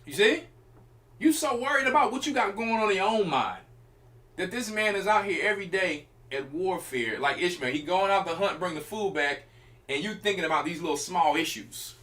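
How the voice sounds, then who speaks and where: Man, church elder, informal sermon, emphatic, talks directly to listeners, high voice, sharp tone. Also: animated, moderate pace. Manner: emphatic, colloquial preaching with direct address to listeners.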